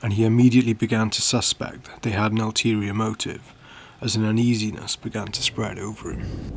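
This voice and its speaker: Male horror podcast narrator, measured storytelling, hushed at times, low voice, gravelly texture, faint rain behind. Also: little pitch movement, slight background noise. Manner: measured, dropping to near-whispers on tense lines.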